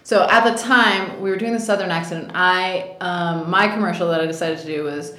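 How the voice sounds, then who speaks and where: A woman's voice: fairly low pitch, brisk, pushed and bright. A woman in her thirties, an actress being interviewed, telling stories in a chatty way with lots of laughs and fillers. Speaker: actress guest. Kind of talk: casual interview storytelling. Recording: echoey room.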